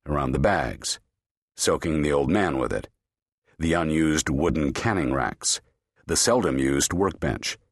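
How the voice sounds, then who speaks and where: Very deep, husky male narrator. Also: no echo, clean studio sound. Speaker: audiobook narrator. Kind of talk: scripted audiobook narration.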